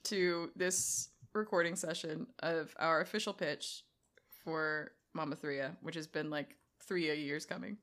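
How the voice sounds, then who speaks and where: A woman's voice: low voice, fairly even intonation, fairly bright tone. Upbeat, jokey woman co-host. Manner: jokey, upbeat, quick asides. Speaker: podcast co-host. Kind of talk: casual chat.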